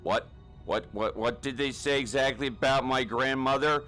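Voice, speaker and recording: A man's voice: mid-range voice, steady tone, moderate pace, sharp tone, soft background music, natural voice, rough recording. A man playing a timid, whiny recruit in a comedy spoof, stammering and pleading nervously.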